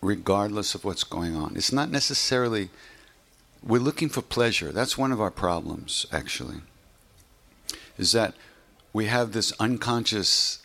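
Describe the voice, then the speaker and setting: A man's voice: fairly low pitch, vocal fry, a bit bright. A man giving an informal spiritual teaching talk in a loose, conversational way, often saying "you know".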